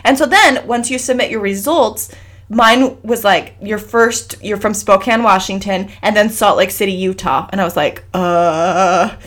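A young woman from Idaho, co-hosting a casual chat, chatty and quick to laugh, a little sick and clearing her throat. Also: mid-range voice, fairly bright tone. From Idaho, USA. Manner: chatty, laughs often, acts out quoted voices. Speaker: podcast co-host.

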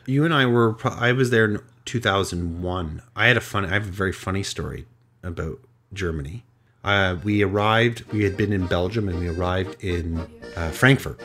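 A Canadian man hosting a podcast, telling a story in a lively, self-deprecating way. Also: sits low, moderate pace. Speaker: podcast host. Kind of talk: casual storytelling chat.

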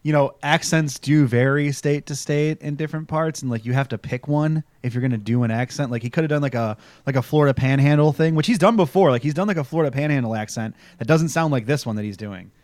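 A man's voice: on the high side, fast, hardly any pauses, darkish tone, no room sound. A man co-hosting a podcast, recapping a TV episode in casual chat, rambling and sarcastic with lots of fillers. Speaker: podcast co-host.

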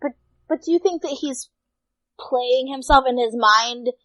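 A woman's voice: sits high, unhurried, a bit bright. A woman guest on a podcast, chatting playfully and giggling. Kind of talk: casual chat.

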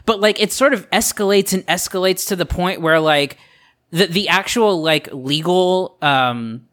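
This man has a high, somewhat bright voice and a measured pace. He co-hosts a podcast, chatting casually but hesitantly, rambling through fillers and restarts and laughing along, circling each point before he lands it.

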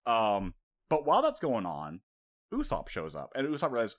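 A young man co-hosting a podcast who recaps a story in casual, animated chat, swearing freely and acting out character lines. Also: mid-range voice, normal speed. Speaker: podcast co-host.

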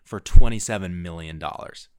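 Relaxed male podcast host, low voice. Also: normal speed, clear, resonant tone, no room sound, studio quality. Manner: relaxed, rambling, quizzing his co-host. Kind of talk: casual podcast chat.

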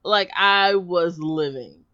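A woman co-hosting a podcast, chatting casually about a TV episode in a relaxed, laid-back way. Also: lowish voice, takes it slowly. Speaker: podcast co-host. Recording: dull lo-fi audio.

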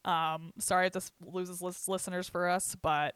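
A young woman co-hosting a podcast, venting bluntly with lots of swearing and telling animated stories between laughs. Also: on the low side, moderate pace, smooth, no echo. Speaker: podcast co-host. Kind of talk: casual chat.

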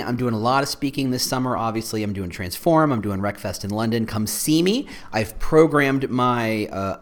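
Man, solo podcast host, very animated pitch, rambling, self-deprecating, playful.

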